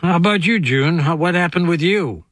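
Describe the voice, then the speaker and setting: A man's voice: on the high side, normal speed, fairly bright tone, no echo, clean studio sound. A man hosting an interview who asks short, curious questions. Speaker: interviewer host.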